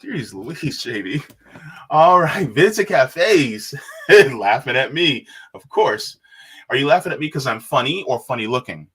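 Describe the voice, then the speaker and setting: A man's voice: mid-range voice, lively intonation, unhurried, a bit bright, husky. A man co-hosting a live stream, greeting viewers and reading chat messages aloud with frequent laughs.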